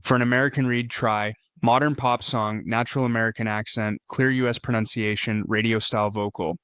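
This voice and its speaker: A man giving a scripted tutorial voice-over, explaining steps in a steady, explicit way. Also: mid-range voice, a little fast, clean tone, no echo. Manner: steady, explicit step-by-step instruction. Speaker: tutorial narrator.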